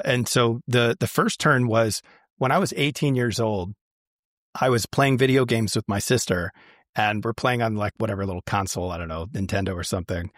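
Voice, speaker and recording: A man's voice: mid-range voice, no room sound. Chatty man telling a story, dry sound. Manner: chatty, many fillers and restarts. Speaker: guest. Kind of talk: casual storytelling.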